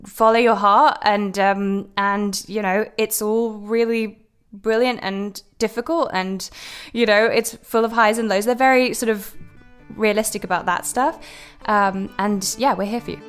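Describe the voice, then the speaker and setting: Woman, quiet posh English accent, podcast guest, casual chat, lots of fillers and restarts. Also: medium pitch, fairly even intonation, unhurried, few pauses, clean tone, soft background music. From Britain. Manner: chatty and hesitant, full of fillers and restarts.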